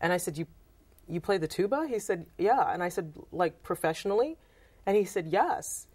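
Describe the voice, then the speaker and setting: Husky, lowish and brisk, her voice carries casual interview talk as she relates anecdotes. The woman, a Trinidadian photographer and author, is an animated storyteller who acts out quoted lines.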